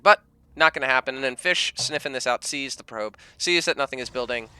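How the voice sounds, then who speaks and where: A man casting a live strategy game, excitable and joking in quick banter with his co-caster. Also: medium pitch, clean tone, no echo. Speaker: esports caster.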